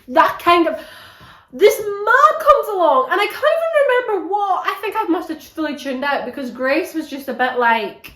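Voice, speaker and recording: A young woman giving a casual, animated book review, swearing a lot and sounding exasperated. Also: extremely high pitch, moderate pace, echoey room.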